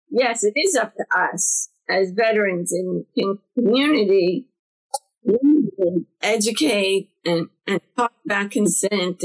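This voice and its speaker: A middle-aged woman from New Jersey, co-hosting a podcast in casual chat and telling stories with lively acted-out quotes. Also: poor audio. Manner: animated storyteller, acts out quotes with big pitch jumps. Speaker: podcast co-host.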